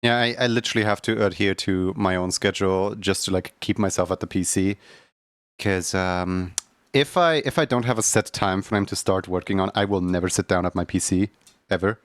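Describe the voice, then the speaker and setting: Smooth low-voiced young male streamer. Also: fairly quick, no room sound, clean studio sound. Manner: rambling storyteller, many fillers and restarts. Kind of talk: casual chat on a livestream.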